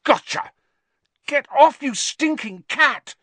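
Guy doing a scared snappy teen boy wizard, voice pushed way up, shouting and hissing, dry audiobook sound. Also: a little high, very animated, unhurried, breathy edge, no echo, voice pushed up, heavily acted. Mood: frantic shouting. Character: panicky hot-tempered teenage boy wizard. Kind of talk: audiobook character voice.

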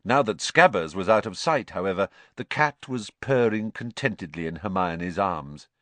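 A man giving expressive scripted narration of a storybook audiobook. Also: low-pitched, moderate pace, no room sound.

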